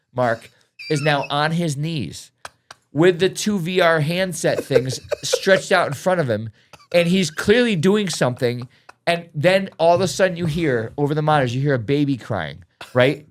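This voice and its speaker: A man, a teacher co-hosting a podcast, telling a story in casual chat and acting out other people's lines in raised voices. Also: fairly high pitch.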